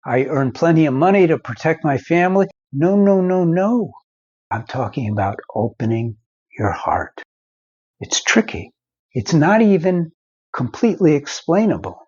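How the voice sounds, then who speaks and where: Older man, husky voice, slow unhurried pace, folksy marriage advice, lo-fi recording. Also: medium pitch, a little mellow. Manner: slow, folksy storytelling with acted-out quotes. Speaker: marriage counselor and foundation founder. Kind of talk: advice monologue to camera.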